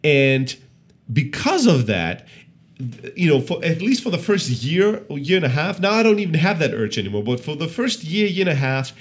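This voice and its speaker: A man in his thirties co-hosting a relaxed business podcast. His pitch swings widely as he tells stories, acting out quoted lines. He talks in a loose, chatty way. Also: normal speed. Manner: animated storyteller, acts out quotes. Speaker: podcast co-host. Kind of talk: casual business podcast chat.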